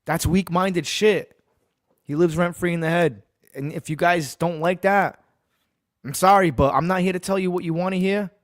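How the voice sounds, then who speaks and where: A man's voice: high voice, normal speed, no room sound, clean studio sound. Blunt, profane man ranting on a podcast. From Massachusetts. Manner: blunt, profane and emphatic, repeats his points. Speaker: sports podcast host. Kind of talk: ranting sports podcast talk.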